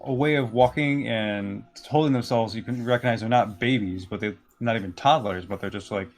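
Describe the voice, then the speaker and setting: A man narrating as game master in a relaxed, rambling way, full of fillers. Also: on the low side, brisk. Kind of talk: improvised tabletop narration.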